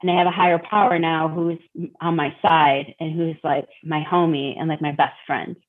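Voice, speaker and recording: Her voice is low-pitched with little pitch movement and a normal speed: a middle-aged Detroit woman, here as a guest, talking honestly about recovery. She repeats words and performs her own thoughts aloud, heard through tinny, phone-like audio.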